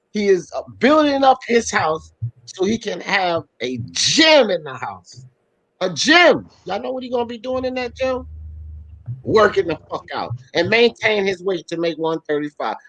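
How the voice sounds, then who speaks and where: A man hosts a live boxing talk show, his voice high and swinging all over. He talks blunt and profane, reading viewer chats and calling out panelists. The sound is close and dry. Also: sing-song, normal speed, fairly bright tone, no room sound, low-quality recording. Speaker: host. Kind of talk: heated live sports talk.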